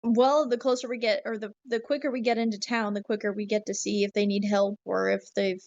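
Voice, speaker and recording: A woman's voice: medium pitch, flat delivery, brisk, darkish tone, dry recording, highs cut off. A woman player chatting hesitantly in a tabletop game. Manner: hesitant, filler-heavy. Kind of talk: casual tabletop game chat.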